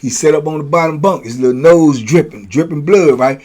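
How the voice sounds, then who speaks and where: A man telling stories from prison in a casual, animated way, acting out blows with sound words. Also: fairly high pitch, fairly quick. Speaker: storyteller, host.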